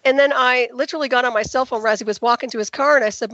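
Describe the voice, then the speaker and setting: Woman guest, rapid emphatic storyteller, higher voice, dry lo-fi sound. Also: fairly even intonation, fairly bright tone, no room sound. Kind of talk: radio interview call.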